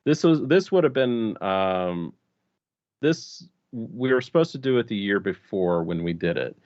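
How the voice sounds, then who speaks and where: A man's voice: on the low side, expressive, a little slow, a little mellow, dry recording, muffled recording. A man from an American region with many Spanish speakers, chatting casually as a podcast guest and rambling with restarts and fillers. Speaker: LARP designer and organizer, podcast guest.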